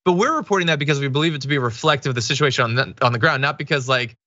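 A man's voice: mid-range voice, rapid-fire, sharp tone, no room sound, highs cut off. A man hosting a political commentary show, talking through the news in a conversational, emphatic way with restarts.

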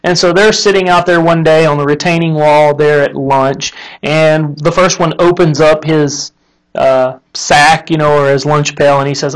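A man hosting a casual faith talk, telling an illustration with lively acted-out characters and then drawing the lesson from it. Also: on the high side, moderate pace, poor audio. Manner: animated storyteller, acts out the characters in the story. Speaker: host of a live Christian talk stream.

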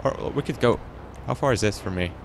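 A man with a fairly low voice gives loose, rambling let's-play commentary, talking to himself and cracking jokes as he plays. A faint hiss sits under his voice. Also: fast talker. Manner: rambling, joking, talks to himself. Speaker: gaming channel host.

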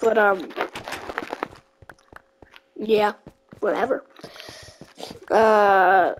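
A woman's voice: mid-range voice, steady tone, drawn-out words, a little hiss or hum, low-quality recording. A woman chatting casually while gaming with a friend, often dropping to a whisper and apologizing in a rambling way. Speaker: gamer playing with a friend.

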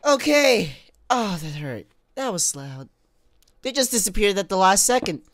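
A young man giving let's play commentary, excitable, talking straight to viewers and grumbling at the game, with fits of sneezing and coughing. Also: sits high, moderate pace, dry recording, clean studio sound, a faint crowd. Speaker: gamer.

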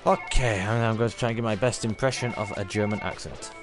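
A man's voice: fairly low pitch, fast talker, over music. A man streaming a game, chatting casually and rambling, often correcting himself. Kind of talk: casual gameplay commentary.

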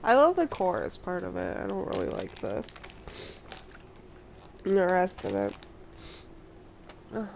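A young woman streaming a game live, sick and congested, chatting casually and getting excitable when surprised. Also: lowish voice, unhurried, pauses often, slight background noise. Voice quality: gravelly.

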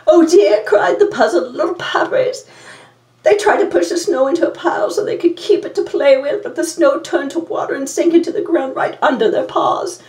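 A woman's voice: high voice, normal speed, darkish tone, close to an everyday voice. A woman playing a vain, glamorous villainess reading a storybook aloud in a campy, theatrical way. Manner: campy, self-admiring, theatrical. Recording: roomy, from a distance.

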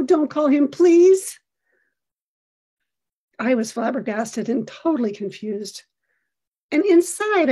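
A middle-aged woman with a high-pitched, husky voice tells a story earnestly and expressively, acting out the lines of the people in it.

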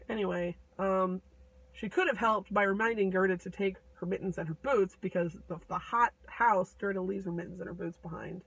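A woman's voice: mid-range voice, normal speed, fairly bright tone, breathy edge, no room sound, distant mic, low-quality recording. A woman casually retelling a fairy tale in a chatty, irreverent way, full of fillers. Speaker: storyteller.

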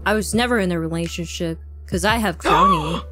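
A woman's voice: fairly low pitch, brisk, pushed and bright, faint music behind. A woman streamer chatting casually and playfully, often laughing between lines. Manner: giggly, playful banter. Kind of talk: casual chat.

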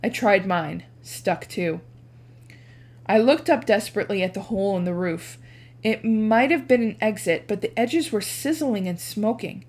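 A woman teacher reading a chapter book aloud with expressive narration. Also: normal speed. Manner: animated, changes pitch for dialogue.

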